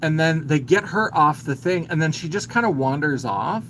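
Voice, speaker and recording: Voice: mid-range voice, lively intonation, normal speed, fairly bright tone, a little hiss or hum, poor audio. A man hosting a live stream, casually retelling a film's plot in a chatty, filler-heavy way and greeting viewers as he goes. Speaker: host.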